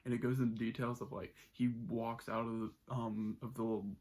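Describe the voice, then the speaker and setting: A man's voice: medium pitch, little pitch movement, brisk, a little mellow. A man giving a casual, enthusiastic spoken movie review, rambling with many restarts.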